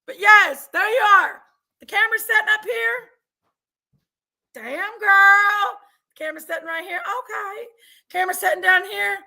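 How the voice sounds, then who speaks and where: A woman hosting a casual livestream chat from home on a webcam mic, loud, laughing and bawdy. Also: very high-pitched, normal speed, gravelly. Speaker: livestream host. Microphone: computer webcam mic.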